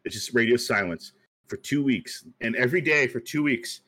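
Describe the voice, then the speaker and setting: A man hosting a podcast, pitching a story in casual chat, rambling and laughing at himself. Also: normal speed, sharp tone, husky. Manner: rambling, many fillers and self-amused laughs. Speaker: podcast host pitching a movie idea.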